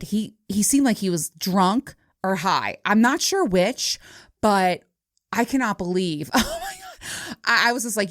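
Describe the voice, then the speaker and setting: A woman's voice: mid-range voice, normal speed, dry recording, studio quality. A woman in her forties hosting a podcast, telling stories in a casual, profane way and laughing often. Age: 40s. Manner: laughing, profane, animated storytelling. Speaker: podcast host. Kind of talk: casual solo storytelling.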